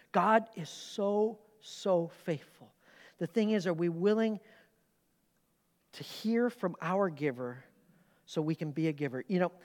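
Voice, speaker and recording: A male pastor preaching a sermon in a church, telling personal stories with lively asides and questions to the congregation. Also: high voice. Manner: animated, conversational, with asides to the audience. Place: church sanctuary during a service. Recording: long reverb of a large hall.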